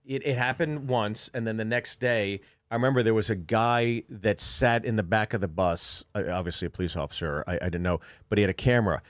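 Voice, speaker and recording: A man in his forties co-hosting a podcast, chatting casually and telling animated stories, often breaking into laughter. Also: on the low side, fairly quick, hardly any pauses, no room sound, studio quality. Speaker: podcast co-host. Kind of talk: casual chat.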